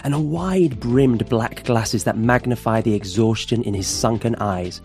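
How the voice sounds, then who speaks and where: A man's voice: medium pitch, normal speed, darkish tone, soft background music. A man reading scripted, screenplay-like scene narration for a tabletop game. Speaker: player.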